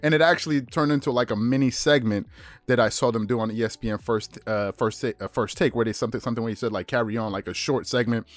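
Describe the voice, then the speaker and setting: A man hosting a sports talk show, chatting casually with quick, repetitive restarts. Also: mid-range voice, dry recording. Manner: fast, chatty, repeats and restarts phrases. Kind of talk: casual sports commentary monologue.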